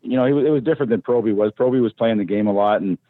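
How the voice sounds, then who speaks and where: A man's voice: on the low side, very fast, dry recording. Man telling stories over a tinny line. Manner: rambling, with many restarts. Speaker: podcast guest, former hockey enforcer. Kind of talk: casual storytelling. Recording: tinny phone-like line, dry.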